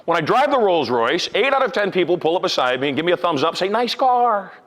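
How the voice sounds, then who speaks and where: Punchy older man hypnotist on stage. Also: fast. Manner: animated, punchy delivery swinging between loud emphasis and low asides. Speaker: hypnotist and motivational speaker. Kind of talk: live seminar talk to an audience. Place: large event room with a live audience.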